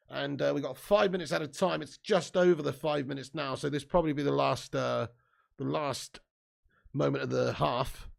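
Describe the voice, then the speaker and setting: A man's voice: fairly high pitch, steady tone, normal speed, vocal fry. A man hosting a live football watch-along, commenting on play and casually reading viewer comments aloud with plenty of swearing.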